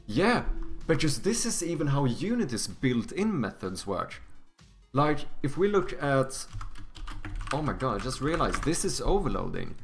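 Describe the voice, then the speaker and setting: A young man streaming from his home setup, chatting casually while he codes, joking about himself and swearing freely. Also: mid-range voice. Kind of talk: casual live-stream chat while coding.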